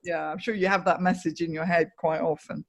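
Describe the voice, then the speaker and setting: Speaking briskly in a lowish, level voice, this podcast host is a middle-aged woman in a casual interview chat. She leans on lots of fillers and often restarts her sentences.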